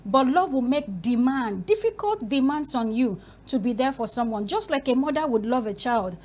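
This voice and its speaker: A high-pitched woman leads a Christian talk show. She talks earnestly and preachily, stacking up rhetorical questions to make her point. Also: animated, normal speed, darkish tone.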